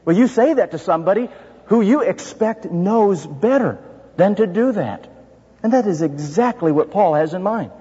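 A man's voice: high-pitched, animated, moderate pace, warm tone, breathy edge. A man preaching an expository sermon as pastor, earnest and full of rhetorical questions. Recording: dull reverberant hall sound.

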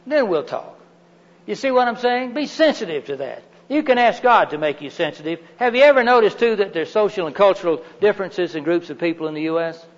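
A man's voice: high-pitched, animated, a little fast. A middle-aged man giving a live workshop talk in a meeting room, chatty and folksy, often asking the audience questions. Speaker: workshop lecturer. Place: meeting room with windows and a heater. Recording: dull reverberant room recording.

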